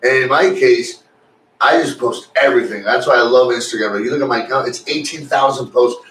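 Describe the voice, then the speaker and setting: A man's voice: mid-range voice, a little fast, a bit bright. A man co-hosting a podcast in casual chat, laid-back and profane, laughing often. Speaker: podcast co-host. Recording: echoey room, distant mic, faint noise.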